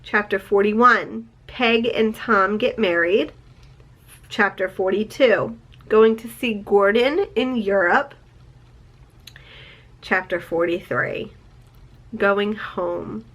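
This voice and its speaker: A woman's voice: mid-range voice, takes it slowly, long pauses, a bit bright. A woman in her forties reviewing a favorite novel in a casual vlog, reading from her chapter notes and gushing emotionally, with the odd swear word. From United States. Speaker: book vlogger.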